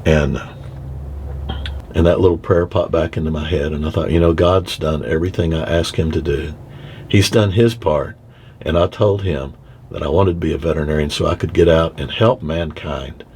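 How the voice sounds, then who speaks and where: A veterinarian telling a heartfelt personal story from inside his car, halting and restarting as he speaks. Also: very deep voice, fairly even intonation, darkish tone, a little hiss or hum. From Texas. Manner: halting, with many restarts and repeated words. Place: inside a car, window open.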